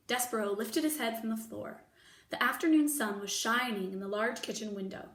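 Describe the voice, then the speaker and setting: A woman teacher reading a children's novel aloud, expressive and bringing the characters to life with voices. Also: on the high side, normal speed. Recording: echoey room, mic at a distance.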